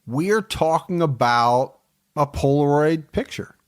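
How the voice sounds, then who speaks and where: A man's voice: a little high, lively intonation, unhurried. A man co-hosting a true crime podcast, chatting casually and teasing his co-host, often laughing.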